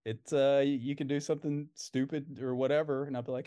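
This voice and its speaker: Young male podcast co-host, relaxed chatty delivery, filler-heavy. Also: medium pitch, fairly quick, smooth. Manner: laid-back, many fillers and laughs. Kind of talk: casual chat.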